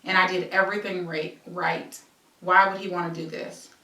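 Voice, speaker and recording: A woman's voice: on the low side, little pitch movement, moderate pace, bright, forceful tone, reverberant, far from the mic, rough recording. A woman reading her own memoir aloud as a present-tense story, breaking off into conversational asides. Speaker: memoir author and host.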